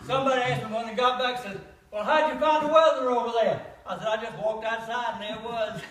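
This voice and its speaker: Old man telling jokes, high voice. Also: a bit bright. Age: older. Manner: folksy joke-telling, laughing at his own punchlines. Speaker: comedian. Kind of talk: comic monologue at a church gathering. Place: church hall. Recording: echoey hall from far off.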